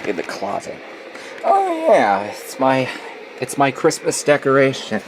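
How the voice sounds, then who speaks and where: A man's voice: mid-range voice, wildly swooping pitch, a little slow. A man in his twenties vlogging at home in a closet, gloomy and nostalgic, often swearing as he complains. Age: 20s. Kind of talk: casual vlog. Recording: noisy home recording.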